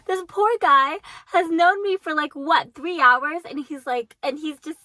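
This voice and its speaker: Bright, chatty young woman. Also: high voice, unhurried, no echo. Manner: chatty, giggly, heavy on "like". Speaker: vlogger. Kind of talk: casual storytime chat.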